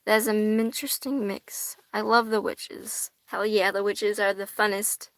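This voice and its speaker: A woman's voice: medium pitch, little pitch movement, measured pace, a bit bright, dry recording. Swearing, giggly young woman streamer. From United States. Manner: chatty, swears a lot, laughs often. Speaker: tarot livestream host. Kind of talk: casual livestream chat reading viewer comments.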